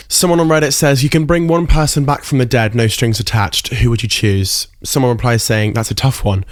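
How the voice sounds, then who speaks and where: A man's voice: mid-range voice, a little fast, few pauses, no echo. Young male podcast host, candid and teary, dry close mic. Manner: emotional, candid, swears casually. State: emotional, close to tears. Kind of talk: casual solo podcast reflection.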